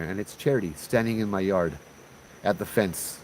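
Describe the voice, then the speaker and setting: A man's voice: lowish voice, animated, brisk, a little mellow, a little hiss or hum, poor audio. Laid-back man telling a ghost story. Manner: laid-back, chatty, laughs often, uses slang like bruh.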